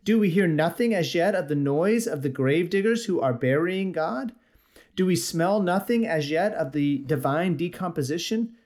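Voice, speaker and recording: Frantic male madman, read by a preacher, raised pitch, urgent rhetorical questioning. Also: expressive, moderate pace, darkish tone, close to an everyday voice.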